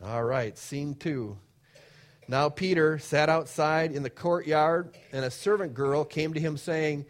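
Slightly high-voiced male preacher. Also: a little slow. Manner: reads verses, then comments in plain conversational asides. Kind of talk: sermon with scripture reading.

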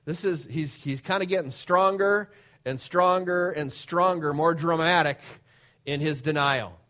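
A man's voice: fairly high pitch, unhurried, a bit bright. A man preaching a sermon, reading scripture verses aloud and then explaining them in plain conversational asides.

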